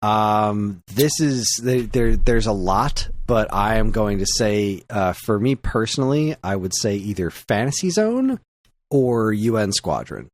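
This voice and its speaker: A man co-hosting a gaming podcast in relaxed casual chat, reading out listener questions. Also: fairly low pitch, a little slow. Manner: easygoing, reads listener questions aloud. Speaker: podcast co-host.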